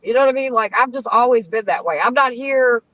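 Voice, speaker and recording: A woman's voice: on the high side, brisk, no room sound, muffled recording. A woman hosting a casual livestream, blunt and profane in how she talks. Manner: blunt and profane, plain-spoken. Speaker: host.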